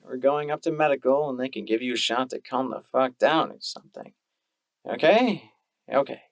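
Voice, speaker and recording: A man's voice: medium pitch, normal speed, no echo, natural voice. A man voicing a callous young mare security guard in an audiobook, offhand and crude.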